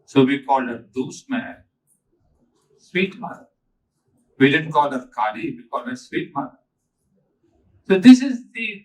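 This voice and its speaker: Recorded from a distance on poor audio, an older man with a slightly high voice gives a spiritual talk to a gathering. A spiritual teacher, he is earnest and emphatic, repeating key phrases to drive his points home.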